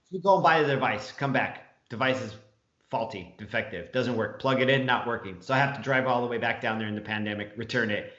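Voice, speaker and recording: A man's voice: medium pitch, fast talker. Swearing guy rambling through a story, roomy muffled lo-fi sound. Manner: profane, rambling, animated storyteller. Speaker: podcast co-host. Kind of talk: casual storytelling chat.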